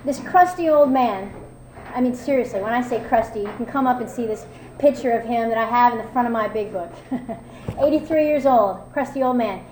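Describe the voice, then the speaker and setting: A woman's voice: fairly high pitch, brisk, dark tone, a little hiss or hum. A woman telling her own recovery story at a meeting, candid and self-mocking, with many fillers. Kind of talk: personal testimony talk. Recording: echoey room with faint ambience.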